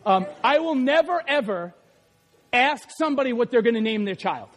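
A man with a very high voice delivers a sermon as pastor, animated and joking. He often breaks into shouts, and his voice rings with a long church-hall reverb. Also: moderate pace. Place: church sanctuary.

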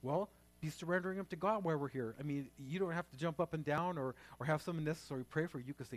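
A man preaching a sermon as pastor, talking conversationally and then rising into loud, fervent prayer. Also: fairly high pitch, racing, few pauses.

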